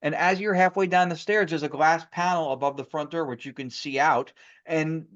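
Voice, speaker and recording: A man's voice: a little high, steady tone, normal speed, a bit bright, no echo. A man, a guest on a podcast, telling stories eagerly in a rambling way with many restarts. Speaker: guest paranormal investigator. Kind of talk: casual podcast storytelling. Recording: muffled lo-fi audio.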